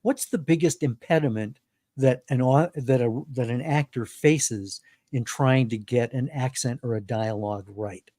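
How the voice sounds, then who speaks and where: A man's voice: mid-range voice, a little slow, warm tone, no echo, clean studio sound. A man hosting an interview, curious and asking thoughtful questions. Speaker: host, interviewer. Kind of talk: casual interview.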